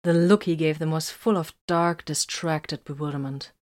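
A woman narrating an audiobook in a steady, even storytelling manner. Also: sits low, normal speed.

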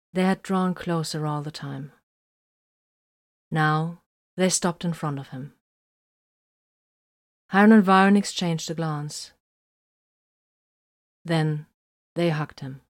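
A woman narrating an audiobook in a steady, even storytelling manner. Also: low-pitched, slow pace, pauses often.

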